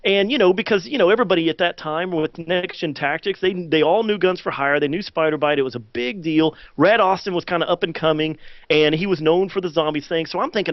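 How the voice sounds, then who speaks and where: Animated man telling a story. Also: on the high side, a little fast, dry recording, dull audio. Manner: animated, many fillers, acts out quotes loudly. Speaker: podcast co-host. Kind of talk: casual storytelling chat.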